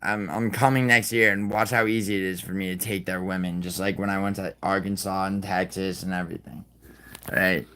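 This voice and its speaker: Profane ranting man, slightly low voice. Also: little pitch movement, a little fast, bright, forceful tone. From New York. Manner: profane, rambling, combative ranting. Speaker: livestream host. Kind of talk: casual live-stream chat answering viewers.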